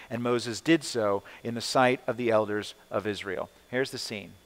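A man's voice: fairly low pitch, normal speed, few pauses. A male pastor preaching a sermon, asking rhetorical questions and acting out the people and God in short quoted lines. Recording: long hall reverb.

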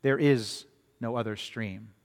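A man voicing a great male lion king who speaks calmly and matter-of-factly, in a long-reverb hall. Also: mid-range voice, slow pace, vocal fry, voice pushed down. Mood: solemn. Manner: calm, matter-of-fact, unboasting.

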